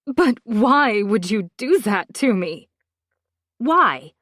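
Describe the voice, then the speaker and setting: A woman's voice: fairly high pitch, sing-song, very slow, fairly bright tone, dry recording, clean studio sound, heavily acted. A woman reading the part of a grown woman who defends herself to an old school friend, in an earnest, pleading manner. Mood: hurt.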